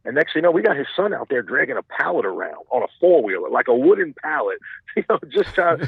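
Rambling guest, a man on a tinny phone-like line, gravelly, husky. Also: mid-range voice, big pitch swings, quick pace, dry recording. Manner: rambling, many restarts and "you know what I'm saying". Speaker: podcast guest, hunter. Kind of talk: casual chat.

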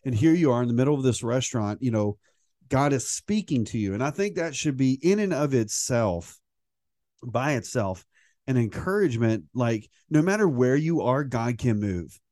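A man's voice: mid-range voice, expressive, moderate pace, darkish tone, no echo, clean studio sound. A middle-aged man co-hosting a podcast, talking in a chatty, joking way. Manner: chatty and joking, with frequent restarts and laughs. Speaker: podcast co-host. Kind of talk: casual conversational podcast chat.

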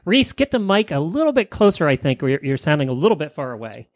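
A man's voice: fairly high pitch, sing-song, fast, no echo. A man co-hosting a live radio show from a studio, chatting casually and joking with guests. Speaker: radio co-host.

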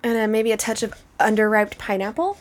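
A woman co-hosting, walking through a wine tasting in a measured, descriptive way. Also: on the high side. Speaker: co-host leading a wine tasting. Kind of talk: casual tasting commentary.

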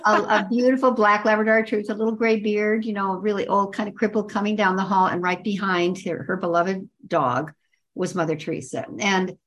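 An older woman tells a personal story as a guest. She piles up details and leans hard on repeated words. Her pitch sits in an ordinary middle range. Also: fairly even intonation, a bit bright, slight background noise. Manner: vivid, repetitive description with drawn-out emphasis.

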